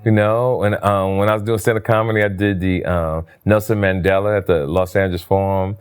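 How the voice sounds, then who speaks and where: Animated low-voiced man telling stories. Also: a little fast, smooth. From New Jersey. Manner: animated storyteller, voice jumps high for quoted lines. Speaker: interview guest, comedian. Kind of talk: casual storytelling interview.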